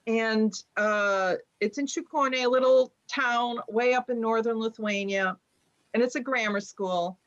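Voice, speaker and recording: A middle-aged woman from the United States speaks with a fairly high voice, recounting a personal story in a loose, chatty way full of fillers. She speaks from a room at home over a video call, and the sound comes through dull and lo-fi. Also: a little slow, a bit bright. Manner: conversational, many fillers, acts out quoted speech. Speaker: author and journalist. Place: home room with bookshelves behind her.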